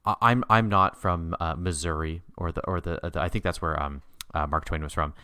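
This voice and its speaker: A man co-hosting a podcast, chatting about a TV miniseries in an animated way, laughing often with sudden upward jumps in pitch. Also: brisk, clean tone, dry recording, studio quality. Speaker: podcast co-host. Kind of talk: casual chat recapping a TV miniseries.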